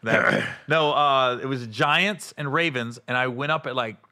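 A man's voice: medium pitch, a little slow, bright, forceful tone. A male comedian hosting a casual podcast chat, who laughs often and mimics the people in his stories.

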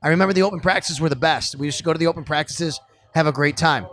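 A middle-aged man from Buffalo, telling old sports stories with growing excitement on a casual podcast. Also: a little high, racing. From Buffalo area. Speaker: podcast guest. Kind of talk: casual storytelling chat.

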